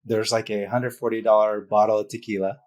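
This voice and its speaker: Guy on a podcast opening up about a hard time, lowish voice, lots of likes and you knows. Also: little pitch movement, brisk, darkish tone. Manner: open and heartfelt, many fillers. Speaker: guest, business founder. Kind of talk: emotional personal story in interview.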